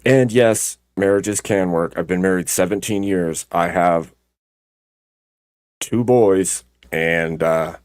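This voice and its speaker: A man's voice: deep voice, slow pace, darkish tone, dry recording, studio quality. A middle-aged man hosting a live stream, giving his frank, blunt opinions in casual chat. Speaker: stream host.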